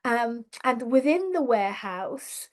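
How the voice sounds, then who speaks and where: A woman leadership coach talking unscripted to camera in a reflective, earnest way, full of fillers and restarts, leaning slowly on feeling words. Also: a little high, animated, a little mellow. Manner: rambling with many fillers and restarts.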